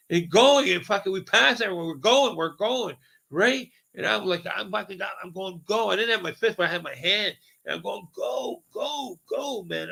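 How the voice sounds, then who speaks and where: A man telling an excited, rambling story in casual speech, full of swearing, with "right?" and "okay?" tacked onto nearly every line. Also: fairly high pitch, creaky, rough recording. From Southern Ontario, Canada.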